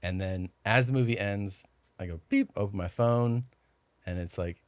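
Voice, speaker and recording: A man's voice: on the low side, normal speed, no echo. A man guesting on a podcast, telling rambling stories in casual chat and acting out what others said to him.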